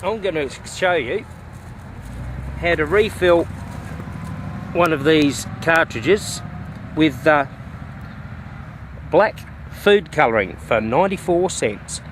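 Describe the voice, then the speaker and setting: Australian male vlogger, slightly high voice, folksy and rambling, recorded outdoors with faint traffic hiss. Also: lively intonation, slow pace, long pauses. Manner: folksy and rambling, with bush slang. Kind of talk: casual walking vlog. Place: outdoors in the bush by a road.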